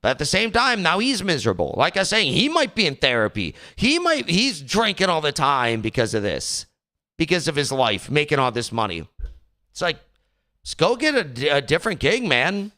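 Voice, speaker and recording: A man's voice: fairly high pitch, huge pitch swings, normal speed, pushed and bright. A young man hosting a podcast in casual talk, rambling and exasperated, slipping into mocking voices. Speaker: podcast host.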